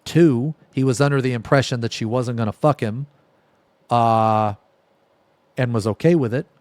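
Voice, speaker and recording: Guy streamer ranting, swears a lot, dry close mic, middle pitch. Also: normal speed, darkish tone, no echo. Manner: blunt, profane, heated. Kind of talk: casual reaction commentary.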